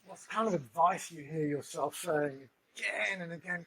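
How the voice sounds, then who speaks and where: A man's voice: a little high, expressive, a little fast, a bit bright, low-quality recording. A man hosting an interview, asking rambling questions with many restarts. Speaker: interview host. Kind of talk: casual interview chat.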